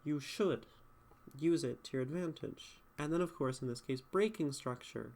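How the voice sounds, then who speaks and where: A man's voice: fairly high pitch, moderate pace, gravelly, a little mellow. A man streaming live, critiquing a viewer's poem casually, thinking aloud and checking in with chat. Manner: thinking aloud, asks chat questions with many "right?"s.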